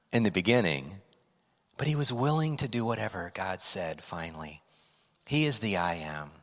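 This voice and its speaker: A middle-aged man preaching a sermon as pastor, swinging from loud emphatic lines down to hushed whispers. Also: mid-range voice. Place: church sanctuary. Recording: preaching in a hall with long reverb.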